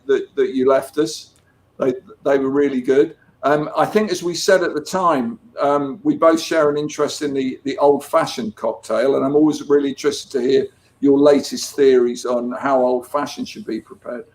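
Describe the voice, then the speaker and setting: An English comics artist chats casually as an interview guest, telling stories and restarting often. His voice is a little high and a little mellow.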